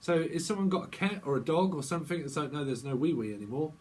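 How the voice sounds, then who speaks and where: A man's voice: a little high, lively intonation, fast talker, darkish tone, a little hiss or hum, low-quality recording. A man hosting a tarot channel, rambling through channeled messages in playful, free-associating wordplay and laughing often.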